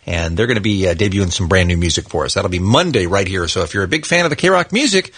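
Brief: upbeat male morning host, husky tone, lively swinging pitch. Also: fast talker, no room sound. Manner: upbeat promo reads, chuckling. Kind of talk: morning radio banter and promos.

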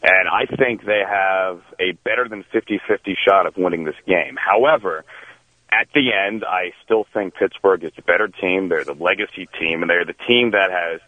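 A man's voice: deep voice, moderate pace, dry recording, narrow, tinny audio. A man giving football picks as a guest on a radio show, emphatic and repeating words for stress. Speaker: sports guest. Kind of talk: casual radio analysis.

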